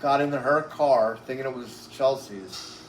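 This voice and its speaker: An interview guest with a mid-range voice tells a long, rambling, profane story in an unhurried way, peppered with "like" and "right?" He is breathless, uses oxygen, and sounds a bit short of breath, in an echoey room with faint background noise.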